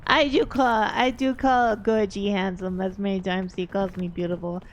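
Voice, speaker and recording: A woman's voice: mid-range voice, fairly even intonation, normal speed. A woman streamer chatting casually and candidly, rambling a little and swearing offhandedly.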